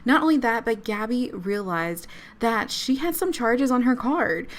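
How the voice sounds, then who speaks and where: A woman's voice: fairly high pitch, big pitch swings, a little slow. A woman casually narrating her life-simulation game, voicing her characters' thoughts as she goes. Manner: chatty, narrates sims' thoughts in quoted lines. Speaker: let's play creator.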